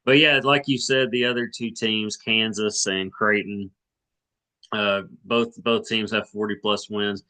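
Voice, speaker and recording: A man of around forty from Arkansas talks sports on a podcast in a loose, rambling way. He restarts his sentences and hedges often. His voice sits low but comes across bright and forceful. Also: fairly even intonation, measured pace. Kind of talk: casual sports chat.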